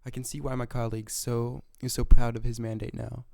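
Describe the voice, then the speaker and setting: A man's voice: medium pitch, little pitch movement, fairly quick, vocal fry, warm tone, no echo, close to an everyday voice. A man reading as a stern old dictator. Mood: formal. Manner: reads a formal speech aloud from on-screen game text. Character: aging male dictator addressing his council, stern.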